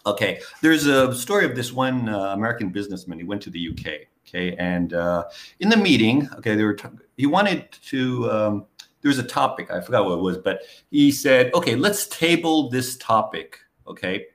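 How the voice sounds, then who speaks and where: A middle-aged man from New York answers interview questions in an easygoing way, leaning on "okay" and "you know". His voice sits fairly low but moves around a lot in pitch. He sounds relaxed and chatty. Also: fairly quick. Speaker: guest, English teacher. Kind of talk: conversational interview.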